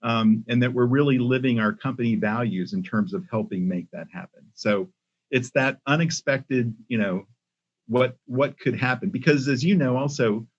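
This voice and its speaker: An older man, a company CEO, speaking as a podcast guest in a measured way with many pauses and restarts. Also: medium pitch, husky. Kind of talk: casual interview talk. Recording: muffled lo-fi audio.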